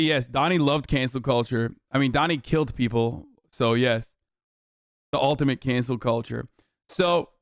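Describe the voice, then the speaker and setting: A man's voice: on the high side, dry recording. A man in his thirties ranting on a livestream, heated, profane and sarcastic, speaking into a close studio mic. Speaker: streamer.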